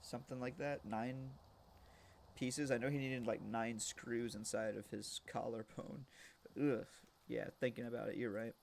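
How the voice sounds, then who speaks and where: A man's voice: mid-range voice, measured pace, gravelly, a little hiss or hum. Rambling young man telling a story. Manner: rambling, animated, shouts quoted punchlines. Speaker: streamer. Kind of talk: casual storytelling while gaming.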